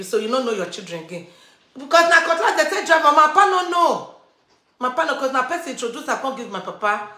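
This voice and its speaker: A woman's voice: on the high side, a bit bright. A woman with a Nigerian Pidgin accent telling a family story, repeating lines for emphasis. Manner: repetitive, emphatic retelling. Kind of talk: personal storytelling. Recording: echoey room.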